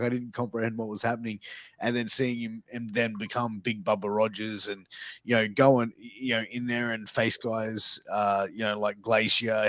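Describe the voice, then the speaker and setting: Casual low-voiced man reminiscing. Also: a bit bright, no room sound. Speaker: podcast co-host. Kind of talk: casual chat.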